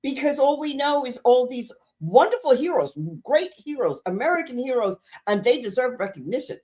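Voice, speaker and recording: A middle-aged woman co-hosts a chatty podcast from a video call. She rambles, stops to search for the right word and laughs easily. Her pitch moves in wide, animated swings. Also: moderate pace. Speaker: podcast co-host. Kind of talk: casual chat.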